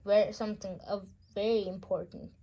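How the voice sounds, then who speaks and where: A woman reading a children's bedtime story aloud, gentle and unhurried, with small slips. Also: medium pitch, level tone, lo-fi sound, slight background noise.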